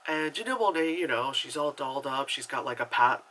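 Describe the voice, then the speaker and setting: A man's voice: medium pitch, lively intonation, a little fast, pushed and bright, slight background noise, poor audio. A man giving a casual spoken movie review, chatty and rambling, with lots of filler words, swearing and exasperated sarcasm.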